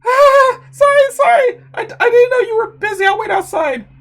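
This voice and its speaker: A woman voicing a shy, nervous young woman full of self-doubt in a comic read-aloud, with a breathy voice. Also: high-pitched, very animated, moderate pace, voice pushed up, heavily acted. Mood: panicked.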